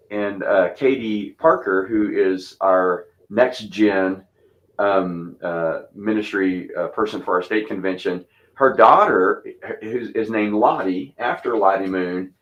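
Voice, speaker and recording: A pastor in his fifties talks in a relaxed, rambling way, with a light twang. His voice sits low and he circles back through restarts and fillers as he tells stories about church missions. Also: slow, highs cut off. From Texas.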